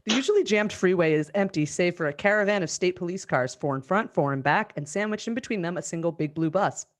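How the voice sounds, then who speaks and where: A woman hosting a live script reading over a video call, reading the stage directions in a brisk, amused way. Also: lowish voice, animated.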